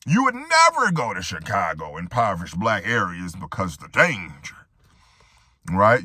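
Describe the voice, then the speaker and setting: A man's voice: medium pitch, wildly swooping pitch, moderate pace, sharp tone, no room sound, clean studio sound. A man giving a reaction commentary monologue, making rhetorical points and often tagging them with "right?".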